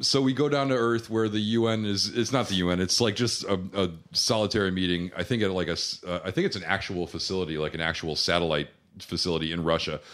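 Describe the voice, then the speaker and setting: A man's voice: deep voice, fairly bright tone. A young man co-hosting a casual podcast chat, rambling through a movie plot and laughing often. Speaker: podcast co-host.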